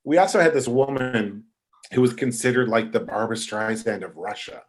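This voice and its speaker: A man's voice: mid-range voice, moderate pace. Chatty man telling backstage stories. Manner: chatty, animated anecdotes with quoted voices. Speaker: guest. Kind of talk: casual podcast storytelling.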